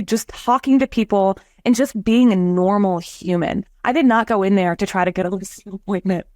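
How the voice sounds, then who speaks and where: A woman's voice: mid-range voice, no echo, studio quality. A woman who works as a real estate agent and hosts a show, chatting casually and telling stories with acted-out quotes. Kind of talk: casual livestream chat.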